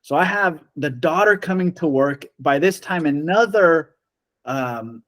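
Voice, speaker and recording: A man telling a long story in casual chat, animated and acting out the quoted lines of the people in it. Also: on the high side. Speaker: storyteller guest.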